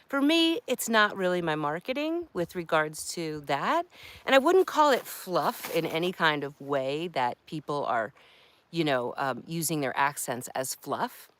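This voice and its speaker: Woman, marketing coach, outdoor vlog, handheld phone, lowish pitch, lively, dry. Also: no room sound. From New York. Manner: direct, chatty, animated. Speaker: marketing coach and live streamer. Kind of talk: casual talking-head vlog. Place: outdoors by a creek. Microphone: phone held by hand.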